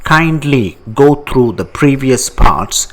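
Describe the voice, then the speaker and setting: Man, language teacher, very slow delivery, deliberate, repeats words. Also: mid-range voice, expressive. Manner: slow, deliberate, repeats each example word twice. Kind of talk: slow step-by-step language lesson.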